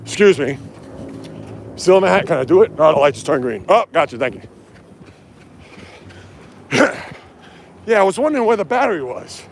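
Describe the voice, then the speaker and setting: A man hosting a casual livestream outdoors on city streets, talking into his phone as he runs and answering viewers' comments one after another. His voice sits high for a man and has a gravelly, frying edge. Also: big pitch swings, moderate pace, pauses often, slight background noise. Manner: chatty, reads viewer comments aloud and reacts. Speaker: livestream host. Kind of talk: casual livestream chat while running. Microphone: handheld phone.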